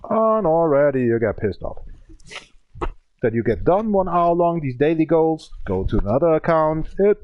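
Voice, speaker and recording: A man's voice: a little high, narrow, tinny audio. A man in his thirties giving rambling, complaining gameplay commentary in broken English. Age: 30s. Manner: speaking with a cigarette in his mouth. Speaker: gaming channel host.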